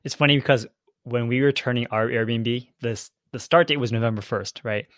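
A man hosting a podcast, talking in an easy, conversational way at a middle pitch. He keeps checking in with his listener, and the recording sounds dry and close with little room sound. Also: normal speed, dry recording. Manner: relaxed, conversational, checks in with "right?". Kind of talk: casual chat.

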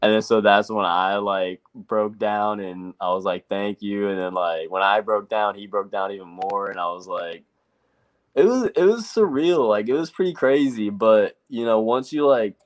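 A man's voice: lowish voice, normal speed. A young man, a race driver being interviewed, telling his story casually and quoting himself with lots of "like". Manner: rambling, quotes himself with lots of "like". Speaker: race truck driver guest.

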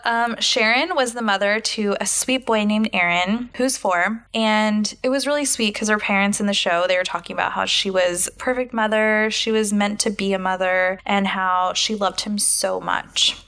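A woman with a bright, forceful voice recounts a true-crime case to her co-host. She talks in a chatty, casual way and breaks into easy laughs between the details. Her tone stays conversational throughout. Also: mid-range voice, moderate pace, hardly any pauses. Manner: chatty, laughs often, animated reactions. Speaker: podcast co-host.

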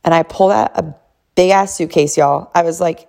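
Chatty mother with a gravelly edge. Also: on the low side, steady tone, normal speed, a little mellow. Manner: chatty, emphatic, addresses listeners as y'all. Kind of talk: casual storytelling to camera.

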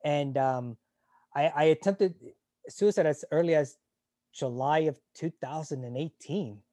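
A man in his forties speaks openly as an interview guest, in a voice a touch higher than most men's but dark and mellow in tone. He swears freely, falters and restarts often, and the sound is close and dry. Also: no room sound. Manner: frank and emotional, swears freely, halting restarts. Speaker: interview guest, retired Navy corpsman. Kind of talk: candid conversational storytelling.

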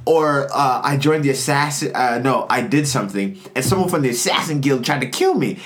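A man in casual chat about video games, lively and expressive, laughing easily. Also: mid-range voice, moderate pace.

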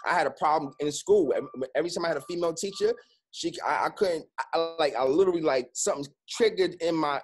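Profane streetwise man telling his story. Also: a little high. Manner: streetwise, profane, frequent "you know what I'm saying". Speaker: interview guest. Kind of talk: candid personal interview.

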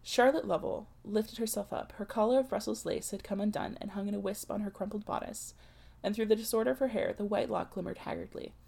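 Gravelly woman reading a novel aloud. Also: mid-range voice, steady tone, fairly quick, a little mellow. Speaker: audiobook reader.

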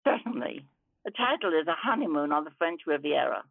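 A woman guest author talking in a casual, chatty way, in short phrases with small pauses. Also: sits low, sing-song, creaky, slightly rough, no echo. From New Jersey, USA. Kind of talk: casual interview answers and reading a short story aloud. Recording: tinny phone-line sound, very dry.

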